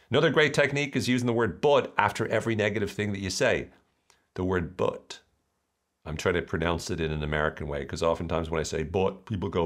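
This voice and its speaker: Low-voiced, animated male podcast host. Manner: animated, playful, acts out voices. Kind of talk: motivational podcast talk.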